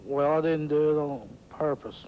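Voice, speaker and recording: A man wrestler pleading sheepishly in lo-fi TV sound. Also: moderate pace. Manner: sheepish, apologetic. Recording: lo-fi TV audio with faint rumble.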